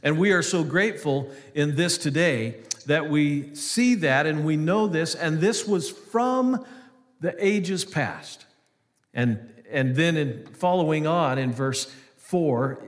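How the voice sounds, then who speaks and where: A man's voice: a little high, slow pace, in a large hall. A male pastor giving an earnest sermon, reading scripture aloud between hesitant, restarting remarks.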